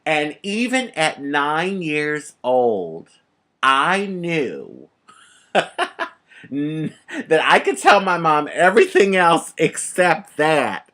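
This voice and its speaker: Lively middle-aged woman telling a story. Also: sits low, takes it slowly. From United States. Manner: animated, laughs often, acts out the people in the story. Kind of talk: casual storytelling.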